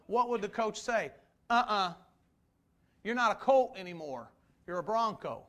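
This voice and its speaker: A man preaching a conversational sermon, full of rhetorical questions, swinging between loud emphasis and slow, quiet stresses. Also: high voice. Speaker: pastor.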